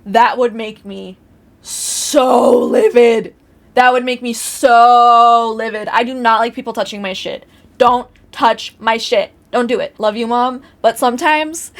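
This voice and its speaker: A young woman from the US Midwest reading online stories aloud and chatting about them, swearing freely and laughing often. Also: a little high. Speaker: YouTuber reading Reddit stories. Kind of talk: casual reading and commentary.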